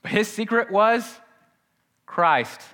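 A man preaching a sermon, moving between quiet, intense lows and urgent, rising pleas. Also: expressive, takes it slowly. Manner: dynamic preaching, drops to soft intense lows and rises to urgent pleading. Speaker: pastor.

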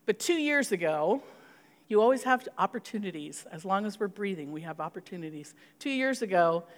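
A woman's voice: medium pitch, animated, brisk, big-room sound. A middle-aged woman pastor giving an earnest sermon, telling a personal story and leading into prayer.

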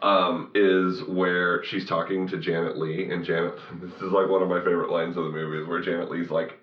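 A man's voice: deep voice, flat delivery, a little fast. A man co-hosting a podcast, recapping a film in rambling casual chat, full of fillers and restarts. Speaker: podcast co-host. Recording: roomy, dull lo-fi sound.

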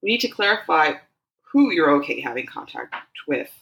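Methodical, probing young man in a storybook reading, slightly low voice, read by a woman. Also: big pitch swings, gravelly, a bit bright, a little hiss or hum, exaggerated voice, low-quality recording. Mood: measured. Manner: measured, methodical questioning.

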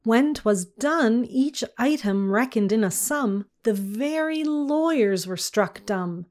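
A woman reading a narrative poem aloud in measured archaic verse. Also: fairly high pitch, darkish tone. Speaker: reader.

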